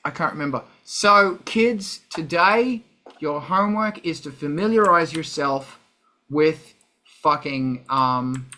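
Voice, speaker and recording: A man's voice: a little high, expressive, slow pace, pushed and bright, a little hiss or hum. A man with an Australian accent hosting a casual live stream, rambling and swearing often. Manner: rambling, profane, sidetracked. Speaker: livestream host.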